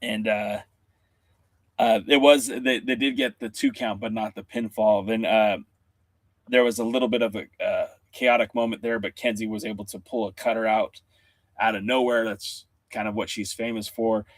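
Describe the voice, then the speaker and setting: Over a video call, a male podcast co-host chats casually and rambles, full of fillers and restarts. His voice is fairly low and creaky, moving at a moderate pace in a dry recording.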